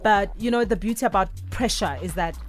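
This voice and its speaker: A woman's voice: mid-range voice, a little fast, faint music behind. A woman, a stage actress, talking earnestly and reflectively as a radio studio guest.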